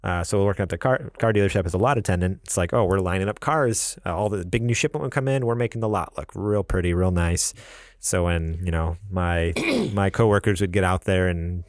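Young West Coast man, fairly low voice, chatty co-host who laughs a lot, dry close mic. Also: animated, a little fast, no room sound. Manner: chatty, laughs often, self-deprecating. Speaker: podcast co-host. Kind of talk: casual podcast storytelling.

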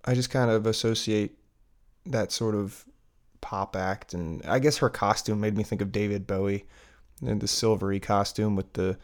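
Hosting a podcast alone, this man speaks at a normal speed in a lowish, steady voice. His talk wanders, he breaks off and restarts sentences, and fillers crop up constantly.

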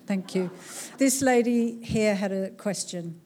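Speaking slowly in a warm, mid-range voice, a woman author chats animatedly and cracks jokes as she takes audience questions. The live talk happens in a cultural centre hall in front of a crowd.

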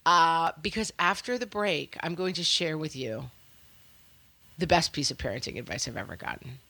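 Chatty lower-voiced woman podcast host. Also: lively intonation, normal speed, pushed and bright, slightly rough. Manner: chatty, storytelling with fillers and acted quotes. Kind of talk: casual chat.

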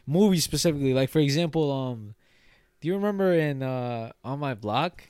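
A young man in his twenties co-hosting a podcast, chatting casually with slang and frequent swearing, getting animated in his rants. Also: medium pitch, moderate pace, smooth, dry recording, studio quality. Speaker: podcast co-host. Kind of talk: casual chat.

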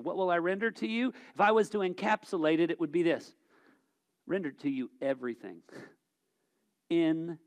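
A male preacher with a high-pitched voice delivers a sermon. He swings from loud, emphatic exhortation to quiet, reflective passages. He often stumbles and repeats words as he thinks aloud.

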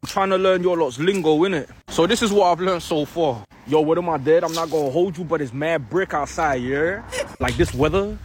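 Brief: man putting on a slangy London-accented guy fumbling New York street talk, rapid, faint room hiss. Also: a little high, close to an everyday voice. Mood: swaggering. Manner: slangy, laid-back bragging. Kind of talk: comedy sketch clip.

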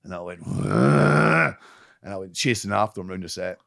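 Gravelly, blunt-talking man guest. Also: deep voice, level tone, fairly bright tone, no echo, studio quality. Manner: blunt and profane, swears freely; halting, repeats words while searching. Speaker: podcast guest, actor. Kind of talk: casual interview chat.

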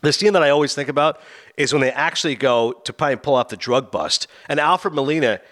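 A man hosting a casual movie talk podcast, acting out film scenes in quick voices. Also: mid-range voice, a bit bright. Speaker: podcast host.

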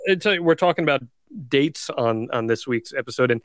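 A man's voice: mid-range voice, fast talker, no room sound, studio quality. A man hosting a podcast, casually steering the chat toward the episode's theme. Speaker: podcast host.

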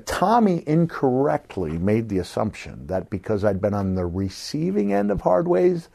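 A middle-aged man as a podcast guest, telling lively anecdotes and calling the host brother. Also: medium pitch. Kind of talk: animated storytelling.

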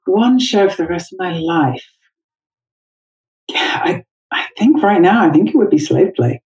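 A woman guest in a casual interview, chatty and quick to laugh, talking about her work as an intimacy director. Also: lowish voice, expressive, darkish tone, reverberant, poor audio. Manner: chatty, laughs easily, many fillers.

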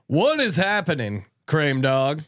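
A man hosting a sports podcast, joking quickly and laughing through his stories. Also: a little high, wildly swooping pitch, fairly bright tone, no echo, studio quality. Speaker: podcast host. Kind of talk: casual sports chat.

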